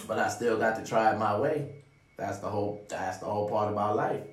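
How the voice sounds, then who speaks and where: Low-voiced man preaching life advice, roomy. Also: a little fast, recorded from a distance. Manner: preachy, profane, repeats "ladies and gentlemen". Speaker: vlogger giving life advice. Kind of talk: motivational monologue to the audience. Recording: roomy sound, away from the mic.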